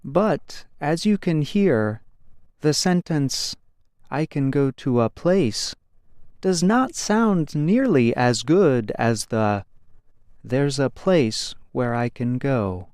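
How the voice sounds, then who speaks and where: A man narrating a scripted grammar lesson in a slow, careful, explanatory way. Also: medium pitch, lively intonation, a little mellow, clear, resonant tone, no echo, studio quality.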